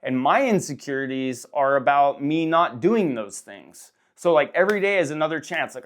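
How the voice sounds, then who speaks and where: A man's voice: fairly high pitch, lively intonation, a little fast, hardly any pauses, a bit bright. Rambling middle-aged man telling a story. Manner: rambling, frank, swears, many restarts. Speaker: host. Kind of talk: casual personal monologue.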